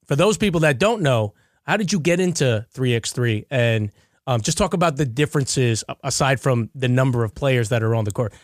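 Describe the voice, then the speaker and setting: A man hosting a podcast, a multi-sport official, asking relaxed conversational questions. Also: mid-range voice, brisk, no echo, studio quality. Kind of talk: casual interview questions.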